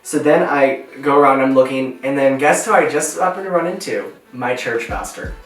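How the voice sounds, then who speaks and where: A man's voice: mid-range voice, moderate pace. Young man vlogger, chatty storyteller doing voices, distant roomy sound. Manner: animated, acts out voices in his story. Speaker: vlogger telling a story while doing makeup. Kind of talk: casual storytelling while following a tutorial. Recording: echoey room, voice from off-mic, faint music.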